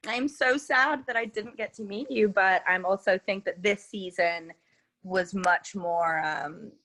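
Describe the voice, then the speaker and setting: A woman's voice: medium pitch, measured pace. Chatty young woman with British-LA accent. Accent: mix of British and Los Angeles. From England. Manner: chatty, many "like" and "you know" fillers, lively. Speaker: interview guest, reality show contestant. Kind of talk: casual chat.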